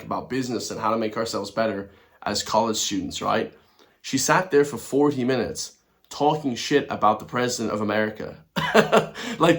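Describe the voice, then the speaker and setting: A man's voice: fairly low pitch, fairly bright tone. A man in his thirties with an Irish accent, ranting through an opinionated commentary vlog with frequent laughs. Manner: ranting, laughs often, keeps saying "guys". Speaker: vlogger.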